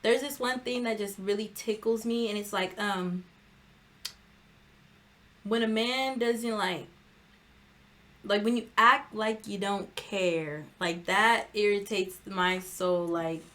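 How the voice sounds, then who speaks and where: A young woman as a guest on a casual talk show, speaking frankly with many fillers and quick laughs. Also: mid-range voice, fairly bright tone. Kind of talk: casual chat.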